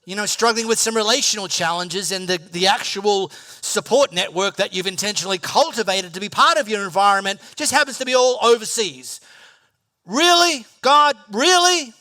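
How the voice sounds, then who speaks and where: A man preaching a sermon, telling personal stories in an animated, playful way and acting out his own reactions. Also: high-pitched, a little fast. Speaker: pastor.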